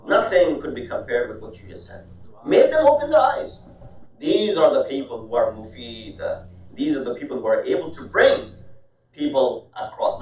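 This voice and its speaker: A man giving a sermon, telling a story animatedly with rising emphasis and mixing in Arabic and Urdu religious terms. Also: mid-range voice. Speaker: preacher. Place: mosque hall. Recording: echoey hall, distant mic, dull sound.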